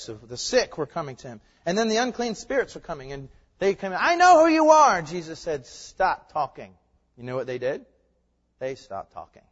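A man preaching a sermon, emphatic and building to fervent peaks. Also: on the high side. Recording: muffled sound with long hall reverb.

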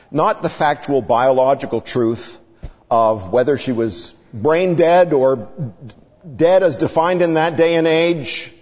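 A man preaching a sermon, acting out the people in the story with dramatic swings in his voice. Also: medium pitch. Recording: dull sound with long reverb.

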